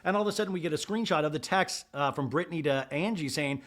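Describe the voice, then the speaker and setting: A man's voice: a little high, fast, few pauses. A man hosting a comedic podcast, recapping a reality show and slipping into voices of the cast. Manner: animated, switches into voices of the cast. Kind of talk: comedic recap with quick impressions.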